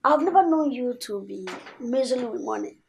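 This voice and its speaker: A man's voice: very high voice, expressive, normal speed, vocal fry, slight background noise, exaggerated voice. An actor playing a brash young prince who argues with his father and schemes with his brother. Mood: scheming. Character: young adult royal son, brash and scheming. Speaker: prince, king's son. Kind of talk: film acting.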